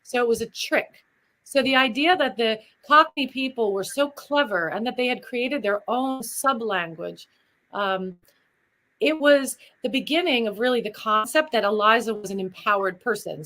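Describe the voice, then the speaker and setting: Bright middle-aged woman, chatty and animated, voice sits a bit high. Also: rough recording. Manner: animated, chatty, drifts into demonstrations. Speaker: guest performer. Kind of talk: lively interview storytelling.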